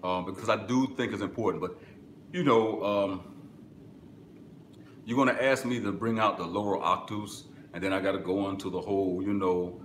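A man with a low voice hosts a live stream, chatting casually with viewers. He swings from easy, laid-back talk into sudden excited bursts. His voice rings in an echoey room over faint background noise. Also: normal speed. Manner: excitable bursts, then drops low and relaxed. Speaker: webinar host answering live chat.

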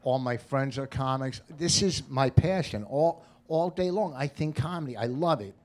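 A man's voice: medium pitch, normal speed, a little mellow. A middle-aged man with a New Jersey accent doing a stand-up set on stage, telling stories in a brash, cranky, profane way. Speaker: stand-up comedian. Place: comedy stage before a live audience.

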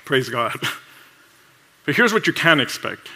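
An animated male pastor preaching in a casual, chatty way, slipping into quick voices for people at work. His voice sits a little high and rings bright and forceful. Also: breathy edge. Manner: animated and conversational, laughs often; acts out coworkers' voices in quick asides. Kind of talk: sermon.

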